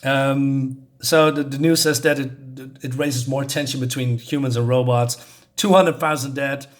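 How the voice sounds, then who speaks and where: A man's voice: medium pitch, steady tone, unhurried. A man casually reviewing a comic book on his channel, talking in a loose, hesitant, rambling way as he recaps the story.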